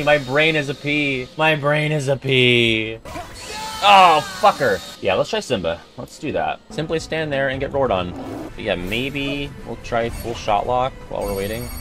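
A young man giving profane, jokey, excitable commentary as he plays a video game. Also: low-pitched. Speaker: gamer and video host. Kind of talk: let's-play game commentary.

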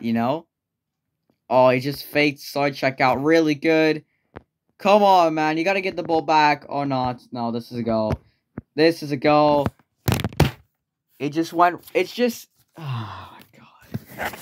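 A man's voice: on the high side, slight background noise. Frustrated young man commentating gameplay. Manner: frustrated, exclaiming, swearing at players. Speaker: gameplay streamer.

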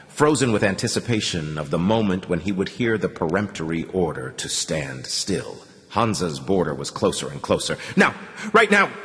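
Male audiobook narrator, low voice with wide swings, dramatic. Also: in a large hall. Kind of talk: scripted narration.

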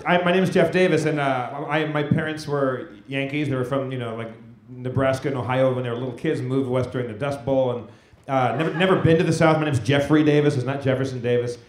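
A man telling a loose, animated story to an audience at a live podcast taping. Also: mid-range voice, brisk. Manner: animated, loose rambling anecdote. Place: theater stage before an audience. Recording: echoey live venue, faint noise.

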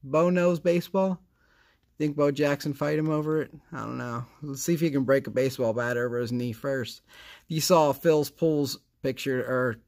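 A man hosting a casual card-opening vlog, chatty and rambling, with a sarcastic streak. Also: medium pitch. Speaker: card collecting channel host.

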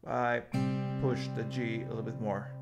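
A man teaching a guitar lesson in a casual, relaxed way, calling out chords and explaining how to pick the strings. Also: mid-range voice, vocal fry. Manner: slow, relaxed explaining between chord names. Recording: guitar playing loudly behind the voice.

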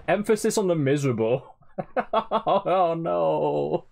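A man's voice: fairly high pitch, lively intonation, slow, gravelly, darkish tone. A man streaming a game live, swearing often, laughing and teasing his chat. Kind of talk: live gameplay commentary.

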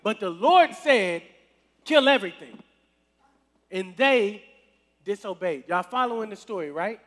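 A man's voice: sits high, expressive, unhurried, a bit bright. A man leading a casual youth sermon in a church service, talking conversationally and checking in with the crowd often. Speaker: youth minister. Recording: long reverb in a hall.

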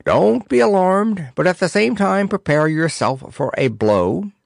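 A man voicing a gruff, flustered but kindly old male soldier in a storybook, barking commands and puffing. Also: high-pitched, lively intonation, unhurried, no room sound, clean studio sound, pitched above the performer's own voice, full character voice. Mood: fretful.

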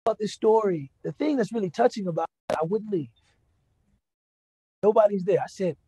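A man's voice: high-pitched, expressive, brisk, warm tone, breathy edge, no room sound. A man giving a lecture, telling a personal story in a conversational way, often asking the audience "right?" and "you know". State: moved to emotion. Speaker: Islamic speaker giving a lecture.

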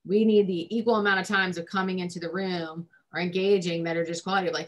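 A woman's voice: fairly low pitch, steady tone, a little fast, few pauses. A woman family therapist giving advice in a recorded discussion, conversational with frequent ums and likes.

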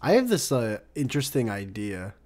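A man hosting a casual podcast chat, rambling and swearing as he pitches an idea, often laughing at himself. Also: very animated, moderate pace, a little mellow. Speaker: podcast host.

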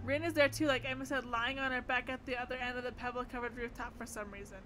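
A woman's voice: on the high side, fairly even intonation, fast talker. A woman streamer reading a visual novel aloud in a casual, giggly way. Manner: casual, giggly, reacts between lines. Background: game music.

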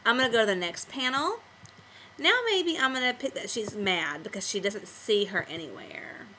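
Bright-voiced woman teaching kids software. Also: mid-range voice, sing-song, normal speed, slight background noise, low-quality recording. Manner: patient, step-by-step classroom explaining. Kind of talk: screen-recorded software tutorial for kids.

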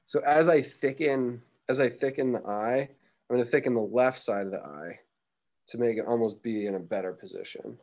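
A man's voice: medium pitch, moderate pace, darkish tone. A young man teaching a live drawing class, chatting casually and thinking aloud as he sketches. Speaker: art teacher.

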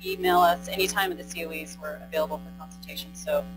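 A woman's voice: low voice, steady tone, fast talker, music in the background, poor audio. Chatty woman teaching a room. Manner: conversational, keeps asking the audience questions and adding "right?". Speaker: presenter. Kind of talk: live training lecture. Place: conference room with a live audience.

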